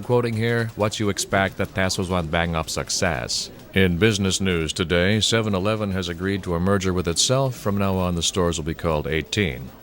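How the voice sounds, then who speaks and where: A low-voiced newsreader in a comedy radio sketch, delivering the bulletin in flat, deadpan announcer style. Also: male voice. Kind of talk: deadpan parody news bulletin.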